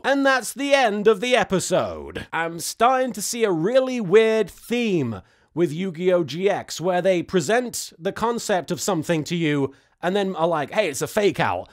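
A man recapping an anime episode in comedic commentary, with sarcastic, exasperated asides. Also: sits high.

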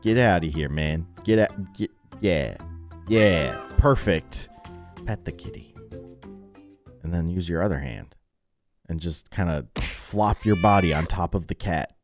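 A man's voice: low-pitched, unhurried, music in the background. A young man giving playful, goofy commentary on a video game he is playing, laughing often. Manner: goofy, laughing, animated reactions. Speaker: gaming YouTuber.

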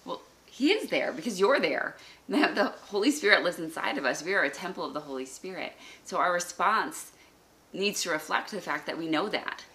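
An earnest, encouraging woman co-hosting a devotional church talk. Her voice sits low for a woman, yet it has a bright, crisp edge. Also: animated, normal speed, low-quality recording. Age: adult with children. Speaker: co-host.

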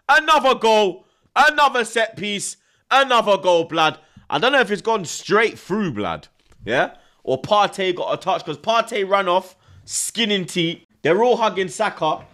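Brief: male football fan, slangy excited play-by-play, high lively voice. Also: a little slow. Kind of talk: live match reaction.

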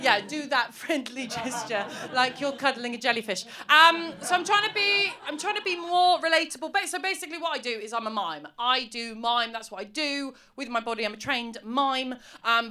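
A woman stand-up comedian talking on stage in a rambling, self-deprecating way. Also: high-pitched. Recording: live comedy club with audience laughter.

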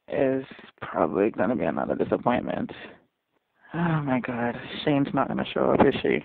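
Gravelly-voiced man reacting over a phone-like line. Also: on the high side, dry recording. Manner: animated, exclaiming, repeats phrases. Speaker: reaction video host. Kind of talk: live audio reaction commentary. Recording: phone-like dry audio.

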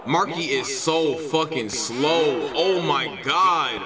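A man doing casual, excitable commentary over a baseball video game, swearing and trash-talking his own players. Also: mid-range voice, slow, few pauses, over loud music. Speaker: gaming YouTuber.

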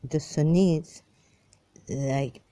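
A woman's voice: deep voice, extremely slow, mellow, no echo. A woman giving an informal, rambling religious talk, reading verses aloud and commenting on them with many fillers and restarts.

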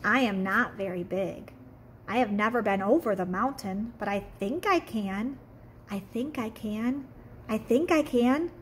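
A small, kind little engine from a children's storybook speaks in a steady, earnest chant, read by a woman. Her voice stays near a plain speaking register with a slow, deliberate rhythm. Faint hiss lingers underneath. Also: a little high, lightly acted. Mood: determined. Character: small kind determined female toy engine.

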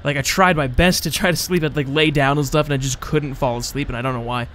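A man's voice: mid-range voice, steady tone, fast, fairly bright tone, slight background noise. A tired young man rambling casually while playing a game, yawning and mocking his own stumbles. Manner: rambling, self-mocking, drowsy. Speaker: gaming channel host. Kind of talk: casual let's-play commentary.

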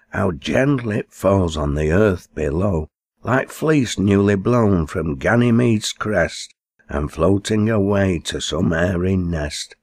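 A man with a Lancashire accent recites dialect verse in a very low, deep voice. He takes his time over every line, and the sound is dry and close with no room around it. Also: animated, slow, dry recording. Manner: recites broad dialect verse, lifting his voice for quoted characters. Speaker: poetry reader.

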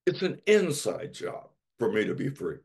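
A male pastor delivering a sermon, slow and emphatic, leaning on dramatic repetition. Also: medium pitch, wildly swooping pitch, slightly rough.

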